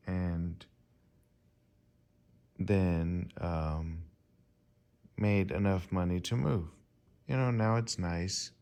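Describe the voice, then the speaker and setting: A man in his forties casually telling a rambling personal story to his channel, with many pauses and fillers. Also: low voice, darkish tone. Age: 40s. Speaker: vlogger.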